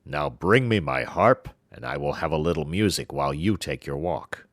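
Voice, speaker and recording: A man voicing a huge, man-eating male giant in a storybook, roaring slowly and heavily. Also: expressive, no room sound, studio quality. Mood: commanding. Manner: slow booming roar.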